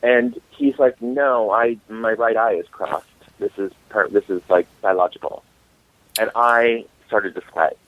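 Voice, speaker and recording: A man, an author and guest, telling comic dating stories in an animated way. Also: fairly low pitch, measured pace. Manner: animated, comic storyteller acting out quotes. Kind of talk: storytelling interview. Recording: tinny phone line.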